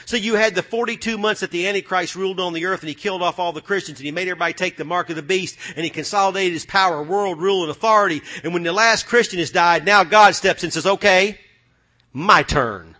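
A man preaching a sermon, swinging from loud, fiery passages to low, muttered asides. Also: fast, few pauses.

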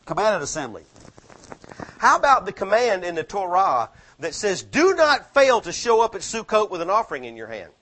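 A man preaching a sermon, swinging from low, quiet asides to fervent exhortation full of rhetorical questions. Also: big pitch swings, normal speed.

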